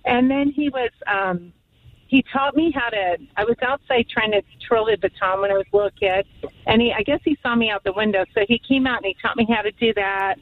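A woman's voice: fairly high pitch, a little fast, dry recording. A woman caller on a radio call-in show, reminiscing fondly about her late father, rambling and near tears. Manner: emotional, rambling, fond reminiscing. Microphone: phone. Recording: phone line.

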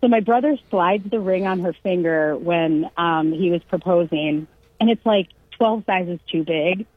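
A middle-aged woman from California spins a family story in relaxed, casual conversation. She acts out each person she quotes and laughs as she goes. Her voice sits a little low and husky, and it reaches us dry and boxy through a narrow, phone-like radio line. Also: measured pace, no room sound.

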